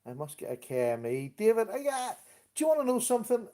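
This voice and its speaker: Middle-aged man, livestream host; easygoing chatter, warm mellow tone, slightly higher pitch. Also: very animated, fast. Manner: chatty, greets viewers by name, easygoing. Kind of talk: casual live chat with viewers.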